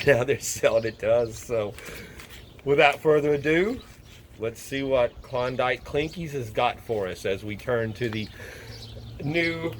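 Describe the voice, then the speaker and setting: A man's voice: medium pitch, a little hiss or hum. A man chatting casually and rambling as he hosts a gold prospecting video at his table. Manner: rambling, self-correcting, chuckles often. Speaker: gold prospecting hobby host. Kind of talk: casual chat. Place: table at home.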